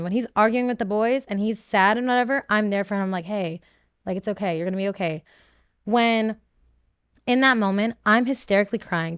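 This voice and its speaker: A young adult woman speaks as a podcast guest in a smooth, resonant voice. She talks candidly and emotionally, rambling with frequent restarts. The recording is dry and close. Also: medium pitch, no echo. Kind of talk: candid interview talk.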